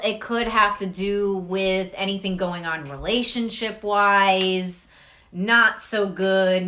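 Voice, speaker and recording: A woman's voice: mid-range voice, pushed and bright. A woman giving a casual tarot reading who rambles, swears freely and laughs through her stories. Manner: rambling, profane, laughing storyteller. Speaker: tarot reader.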